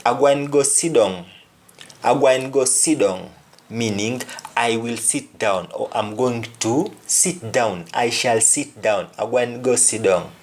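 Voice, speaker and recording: A man teaching a language lesson, repeating each phrase and restating it several ways. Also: medium pitch. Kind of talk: explanatory lesson.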